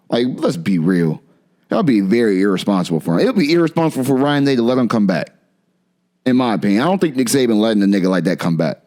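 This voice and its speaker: Animated man in blunt sports banter. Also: on the low side. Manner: blunt, teasing, profane. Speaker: podcast co-host. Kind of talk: casual sports chat.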